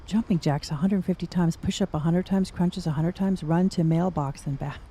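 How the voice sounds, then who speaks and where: A woman's voice: lowish voice, steady tone, moderate pace, dark tone. A middle-aged woman giving casual gameplay commentary, chatty and thinking aloud with wry asides. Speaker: gaming streamer.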